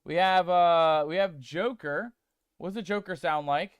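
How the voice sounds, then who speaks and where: He's a game streamer with a voice that sits high, talking a little slowly in a clear, resonant tone. He reads chat aloud, tests text-to-speech voices, and keeps things casual and playful with viewers he calls mateys. There's no room sound, and the audio is studio quality.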